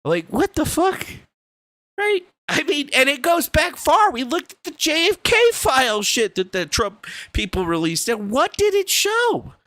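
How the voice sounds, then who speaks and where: A man's voice: extremely high pitch, sing-song, normal speed, hardly any pauses, bright, forceful tone, no echo. A young man hosting a livestream, ranting in a casual, profane and rambling way from a small room. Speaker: livestream host. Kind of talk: casual political rant.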